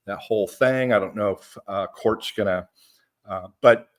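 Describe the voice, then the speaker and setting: Low-voiced man, halting speech. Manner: hesitant, many fillers. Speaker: guest on a live stream. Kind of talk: casual chat.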